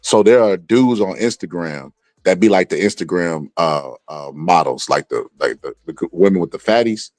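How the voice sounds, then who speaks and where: Male host, deep voice, rambling animated storyteller, dry recording. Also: normal speed, no room sound. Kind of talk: casual podcast chat.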